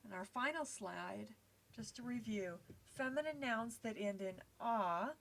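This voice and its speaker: A woman's voice: fairly high pitch, animated, measured pace, gravelly. A woman teaching a recorded lesson over slides, explaining patiently step by step with frequent small fillers.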